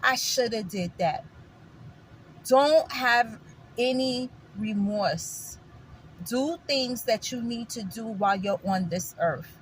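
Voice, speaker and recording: A woman's voice: fairly high pitch, takes it slowly, a little hiss or hum. A woman from New York with a New York accent, talking to her viewers in an opinionated casual chat, emphatic and repetitive, calling them guys. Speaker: vlogger.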